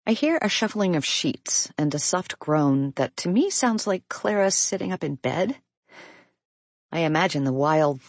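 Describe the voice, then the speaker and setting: A woman reading a first-person audiobook in an intimate, expressive storytelling manner. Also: low voice, vocal fry, no room sound. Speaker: audiobook narrator.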